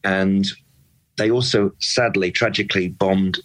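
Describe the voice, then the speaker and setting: A man talking about football as a passionate fan, emphatic and animated, often repeating words as he builds his point. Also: low voice, a little slow, rough recording. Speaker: football pundit and club fan. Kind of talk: impassioned casual discussion.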